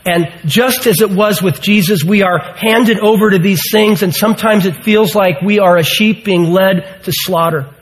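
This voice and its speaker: A man's voice: sits high, normal speed, few pauses, poor audio. A man in his sixties preaching a sermon, earnest and emphatic, full of rhetorical questions. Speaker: pastor.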